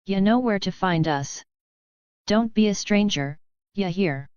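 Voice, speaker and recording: A woman's voice: mid-range voice, lively intonation, a little slow, darkish tone, clean tone, no room sound, natural voice. A woman voicing a sassy but tender young Southern woman, drawling her farewell in slang. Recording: dull, dry sound.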